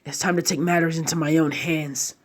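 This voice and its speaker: A man's voice: a little high, flat delivery, a little fast, close to an everyday voice. A man voicing a fierce, hot-headed young male ninja in a fan-made story narration. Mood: determined. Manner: yelling in anguish, then gruffly determined.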